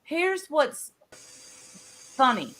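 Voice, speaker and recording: A woman's voice: high-pitched, huge pitch swings, drawn-out words, pushed and bright. A woman from Tennessee with a Southern accent, talking bluntly in a casual chat.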